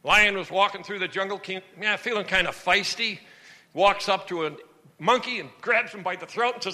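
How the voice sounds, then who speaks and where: A male pastor preaches a sermon with an animated storytelling delivery. His voice sits high and sounds bright, with lively swings in pitch. Long reverb fills the hall around him. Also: normal speed.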